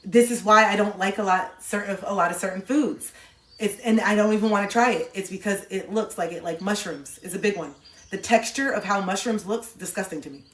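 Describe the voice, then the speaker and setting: Playful female streamer, casual chat to viewers, animated, goofy sound bits, echoey room. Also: mid-range voice, a little fast. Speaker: livestream host talking to chat.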